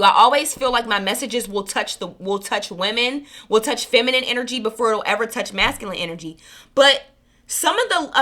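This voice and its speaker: Woman, spiritual reader, bright clear voice, earnest rambling chat, self-correcting. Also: a little high. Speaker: spiritual reader and channel host. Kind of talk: casual heartfelt monologue to viewers.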